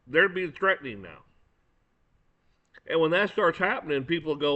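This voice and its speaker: A man's voice: fairly high pitch, animated, moderate pace, long pauses, pushed and bright. A man giving a blunt, profane and angry opinion rant, often stumbling and repeating words. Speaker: commentator. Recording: dull lo-fi recording.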